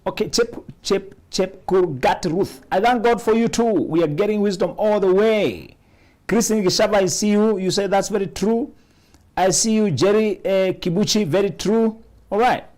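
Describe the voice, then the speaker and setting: A man's voice: high-pitched, normal speed, darkish tone. Man hosting a live stream. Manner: affirming listener, reads viewer comments aloud. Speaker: host. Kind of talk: live-stream interview chat.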